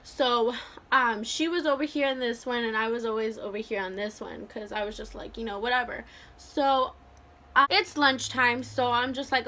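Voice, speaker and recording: A young adult woman casually telling a storytime vlog, animated and full of "like" and acted-out quotes. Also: on the high side, normal speed. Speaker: vlogger.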